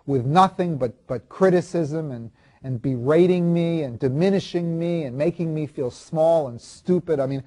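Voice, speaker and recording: A man playing a proud ancient king in a first-person monologue, confiding and halting, restarting and repeating his words. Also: a little high, mellow, close to an everyday voice. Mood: brooding. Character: proud ancient king recalling his marriage, self-justifying.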